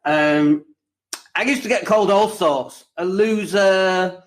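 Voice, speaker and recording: A man's voice: sits high, measured pace. A man from England hosting his own podcast, talking casually and animatedly in a livestream monologue full of jokes and rants. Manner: animated, lively, jokey and ranting. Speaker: podcast host and property coach.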